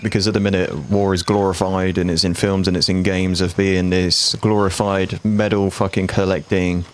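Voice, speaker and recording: A man's voice: low voice, level tone, moderate pace. A man, chatting bluntly and swearing freely with viewers while he streams a game. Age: 40s. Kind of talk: casual live-stream chat.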